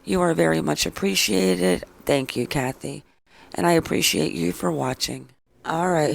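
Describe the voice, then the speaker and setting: Gravelly, blunt true crime vlogger. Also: mid-range voice, animated, normal speed. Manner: blunt, sarcastic replies; opinionated, chatty. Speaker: true crime channel host. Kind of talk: casual vlog commentary reading viewer comments.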